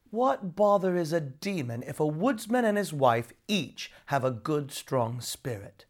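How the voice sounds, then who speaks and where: A narrator reading a folk tale aloud in a storybook reading style. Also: mid-range voice. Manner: expressive, slow storytelling.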